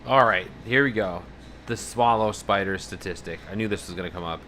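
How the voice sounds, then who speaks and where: Casting note: male streamer, lowish pitch, bright edge, rambling casual chatter with a faint hum behind. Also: fairly quick. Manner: rambling, profane, animated about fears. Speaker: livestreamer. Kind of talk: casual live-stream chat, reading out viewer messages.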